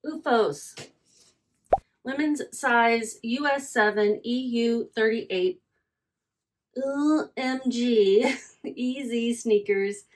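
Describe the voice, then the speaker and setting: Slow, chatty woman reseller. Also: on the high side. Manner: chatty, thinking aloud, trailing off and repeating herself. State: yawning, hiccuping. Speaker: reseller vlogger. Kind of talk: casual chatty vlog while packing orders.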